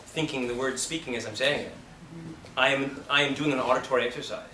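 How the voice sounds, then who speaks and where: Brash acting teacher in a roomy class. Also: male voice, mid-range voice, fairly even intonation, a little fast, bright, forceful tone, slight background noise. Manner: blunt, profane and emphatic. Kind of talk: casual classroom talk. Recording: roomy, from a distance.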